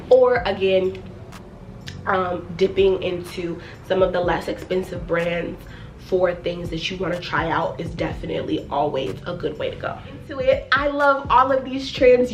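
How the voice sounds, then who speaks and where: A woman fashion vlogger talking straight to her viewers in a casual, chatty way, repeating phrases for emphasis. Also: mid-range voice. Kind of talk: casual direct-to-camera vlog.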